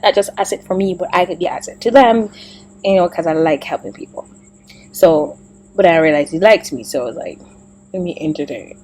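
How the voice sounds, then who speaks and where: A woman talking casually to camera in a personal vlog, rambling and thinking aloud, with soft murmured asides. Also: on the low side, fairly quick, slight background noise, poor audio. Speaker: vlogger.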